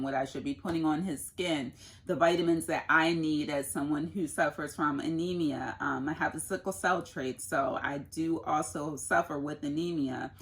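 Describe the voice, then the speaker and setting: Woman, lifestyle vlogger, lower pitch, earnest, casual faith chat. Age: adult, mother of a son.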